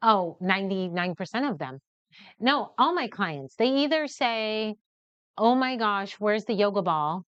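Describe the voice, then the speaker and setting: A middle-aged woman hosting a live newborn photography session, chatty and animated, acting out the people in her stories. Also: mid-range voice, a little slow, clear, resonant tone, no echo. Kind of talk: lively storytelling while demonstrating a shoot. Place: photo studio during a live stream. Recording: slightly dull, muffled audio.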